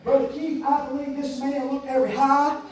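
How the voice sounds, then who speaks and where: High, echoey preacher man. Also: flat delivery, moderate pace. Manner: emphatic and repetitive, swinging from shouts to hushed tones. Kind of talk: sermon. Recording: echoey room, voice far from mic, faint hiss.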